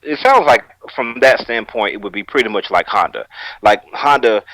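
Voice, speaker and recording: A man on a podcast panel who lays out a measured argument at length. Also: mid-range voice, expressive, bright, forceful tone, no echo, rough recording. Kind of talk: casual panel discussion.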